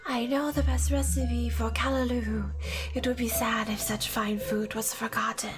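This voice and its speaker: A woman voicing the ghost of a man who loved to cook, in a breathy whispered role-play. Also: a little high, level tone, normal speed, natural voice. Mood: wistful. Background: game music.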